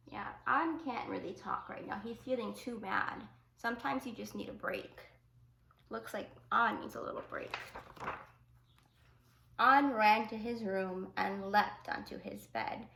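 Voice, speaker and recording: A woman teacher reading a picture book aloud to children, with gentle asides explaining the story. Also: medium pitch, measured pace, gravelly, slight background noise. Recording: echoey room.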